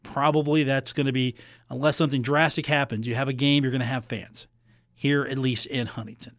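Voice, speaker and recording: A man hosting a sports talk radio show, chatty and joking with quick asides. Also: mid-range voice, fairly even intonation, dry recording, studio quality. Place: radio studio.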